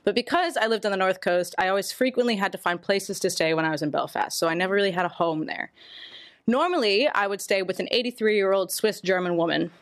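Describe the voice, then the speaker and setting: A woman's voice: mid-range voice, quick pace, no room sound. A woman telling a candid personal story to a podcast audience, casually and laughing as she goes. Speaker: storyteller guest.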